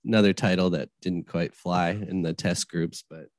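A man's voice: deep voice, normal speed, dry recording, studio quality. A man co-hosting a podcast, cracking jokes and adding quips in casual conversation. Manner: joking, very lively intonation. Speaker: podcast co-host. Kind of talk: casual interview chat.

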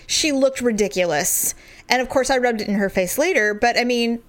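A middle-aged woman chatting casually, sarcastic and animated, laughing often. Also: on the high side, moderate pace. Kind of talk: casual chat.

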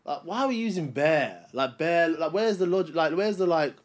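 A man's voice: on the high side, lively intonation, moderate pace. A young man co-hosting a podcast, arguing his point in a casual debate with frequent restarts and stumbles. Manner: hesitant, many restarts. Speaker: podcast co-host.

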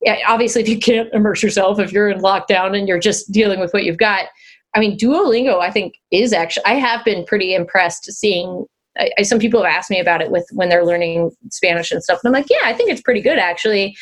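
A woman's voice: medium pitch, brisk. A woman chatting as a podcast guest, talking loosely with restarts and frequent laughter. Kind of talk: casual chat.

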